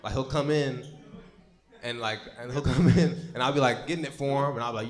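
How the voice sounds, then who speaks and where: A man's voice: medium pitch, fairly quick. A young man doing a live stand-up set on a comedy stage, telling rambling, profane stories with lots of stammered restarts. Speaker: stand-up comic.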